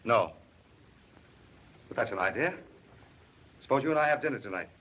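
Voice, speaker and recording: An actor playing a busy, flirtatious male government official in a 1930s film, talking fast and joking. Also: mid-range voice, animated, slightly rough. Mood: brisk. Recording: dull old 1930s film soundtrack.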